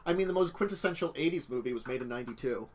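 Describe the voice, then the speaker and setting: In rapid-fire, lively speech, a medium-pitched man hosts a laid-back tabletop games talk show, rambling through digressions and laughing at his own jokes. He's indoors near a street, with slight background noise.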